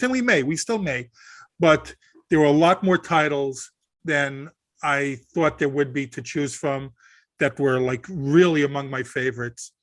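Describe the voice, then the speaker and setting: A man's voice: a little high, normal speed, a bit bright, no echo. Man co-hosting a casual podcast. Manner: rambling, restarts sentences. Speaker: podcast co-host.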